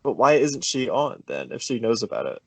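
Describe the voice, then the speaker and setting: A young man from Maryland, co-hosting a casual podcast chat and teasing his friends with deadpan jabs. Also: medium pitch, moderate pace, vocal fry, husky, no room sound. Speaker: podcast co-host.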